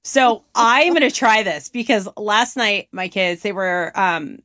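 A woman's voice: mid-range voice, a little slow, fairly bright tone, no echo. Woman co-host, emphatic, encouraging, casual podcast talk, dry close mic. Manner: emphatic and encouraging, breaks in to stress points to listeners. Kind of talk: conversational podcast chat.

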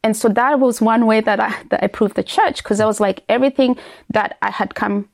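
Guest, a woman from Uganda, creaky, lively, telling her faith testimony. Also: fairly high pitch, brisk. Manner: animated storyteller, many fillers and restarts.

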